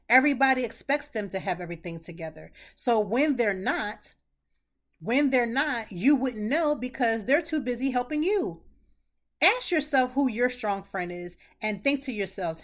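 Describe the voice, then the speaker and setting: A middle-aged woman hosting a podcast, giving casual advice in an earnest way and repeating phrases for emphasis. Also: on the high side. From Pennsylvania, United States. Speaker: podcast host.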